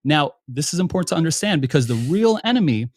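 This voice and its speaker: A man's voice: a little high, sing-song, fast talker, no echo, studio quality. A man as a panel guest in casual chat, explaining step by step and checking in with "okay". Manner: explaining, keeps saying okay.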